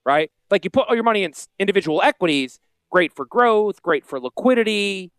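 A man with a Northern US Yankee accent, a financial advisor hosting a casual promotional podcast with salesy, jokey asides and a high-pitched voice. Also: a bit bright, no echo. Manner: self-described high-pitched voice. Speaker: financial advisor and radio host.

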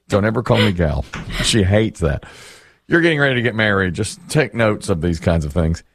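A middle-aged man hosting a casual chat, telling stories in an animated, self-mocking way. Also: on the low side, moderate pace, no echo, clean studio sound. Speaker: host.

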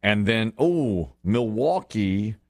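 A man hosting a casual sports chat show, telling stories with lively acted-out quotes and frequent laughter. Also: on the low side, slow, no echo, clean studio sound. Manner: animated storyteller, acts out quotes, laughs often. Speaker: sports talk host.

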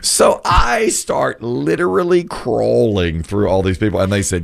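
A man's voice: medium pitch, animated, a little slow, gravelly. A middle-aged male radio host in casual chat, telling stories animatedly and acting out the voices in them.

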